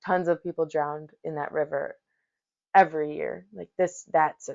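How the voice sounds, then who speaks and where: A woman's voice: sits low, steady tone, unhurried, gravelly, a little mellow. A woman voicing a stern, alarmed male yoga teacher who scolds his students, kept close to her own voice. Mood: scolding. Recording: dull lo-fi recording.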